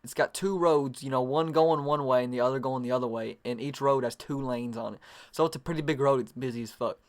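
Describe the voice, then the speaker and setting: A man's voice: medium pitch, fairly quick. A young adult man telling a long, rambling story to camera, full of profanity and fillers. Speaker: vlogger.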